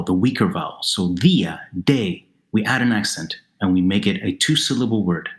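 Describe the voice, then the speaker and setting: A man narrating a language lesson, explaining slowly and carefully and repeating words for the listener, over a noisy voice-over recording. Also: fairly low pitch. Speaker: Spanish teacher. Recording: noisy narration with faint music.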